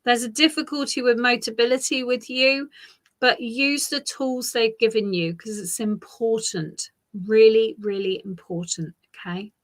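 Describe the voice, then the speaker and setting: A woman giving a live psychic reading, speaking in a gentle, reassuring way and often repeating phrases softly. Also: on the high side, steady tone, measured pace. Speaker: psychic reader.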